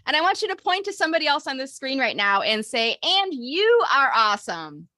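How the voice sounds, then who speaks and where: A woman's voice: high voice, sing-song, fast, over a noisy crowd. A woman hosting a job seeker video meeting, encouraging and upbeat, leading a call-and-response mantra and giving motivational coaching.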